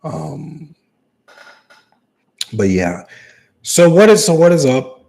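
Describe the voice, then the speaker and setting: A man's voice: a little high, big pitch swings, takes it slowly, vocal fry, a little mellow. A man streaming live, chatting casually and rambling, often repeating and restarting his phrases. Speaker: livestreamer. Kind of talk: rambling casual livestream chat.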